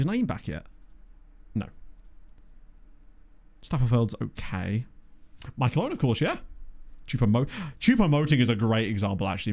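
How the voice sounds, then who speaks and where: A man's voice: on the low side, creaky, darkish tone. A man giving casual, chatty gameplay commentary, thinking aloud and joking with his chat into a desktop microphone. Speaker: gaming video creator. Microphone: desktop USB microphone.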